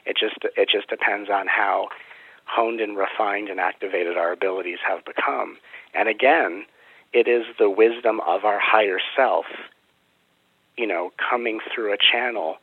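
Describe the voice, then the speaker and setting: A man's voice: lowish voice, moderate pace, husky, dry recording. A man answering interview questions in earnest, flowing explanations about spiritual matters. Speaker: spiritual teacher and guest. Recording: tinny phone-like line.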